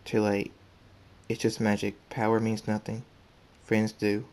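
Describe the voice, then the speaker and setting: A man's voice: fairly low pitch, completely flat delivery, measured pace, lightly acted. A man voicing Thunderstorm, a kind grandfather pony. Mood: grim. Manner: soft, plain reading with small restarts. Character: kind old stallion pony, protective grandfather.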